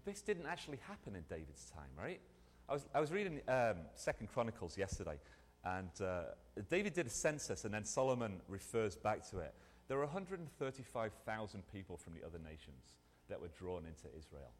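Male preacher, lively conversational sermon, mid pitch, long hall reverb. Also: brisk. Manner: animated, conversational, with restarts.

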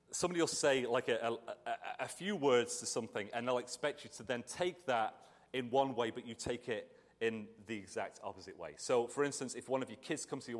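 A middle-aged pastor preaching in an easygoing, conversational way, full of restarts and asides. His pitch jumps around a lot. The voice carries a long reverb, as in a big church hall. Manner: animated, chatty, with restarts and asides. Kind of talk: conversational sermon.

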